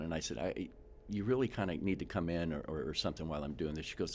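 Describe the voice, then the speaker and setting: A man who works as a home inspector, telling animated stories in a casual interview and acting out the people he quotes. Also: low-pitched, fast talker. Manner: animated storyteller, acts out quotes, frequent restarts.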